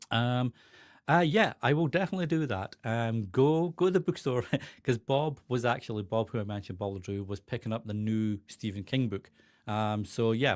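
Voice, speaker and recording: A man's voice: mid-range voice, dry recording, studio quality. Chatty man hosting a live stream. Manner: chatty, loose, many fillers and restarts. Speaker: live stream host, podcast support lead. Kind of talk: casual live stream chat, greeting viewers.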